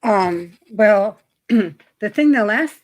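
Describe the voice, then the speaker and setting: A middle-aged woman from New York with a New York accent, a guest chatting casually about credit, often pausing with ums and clearing her throat. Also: mid-range voice, animated. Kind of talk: casual interview chat.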